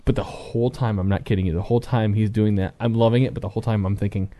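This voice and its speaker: A man in his thirties chatting casually, telling animated stories about his young son and acting out bits. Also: lowish voice, fast. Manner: animated storyteller, acts out scenes with shouts. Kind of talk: casual chat.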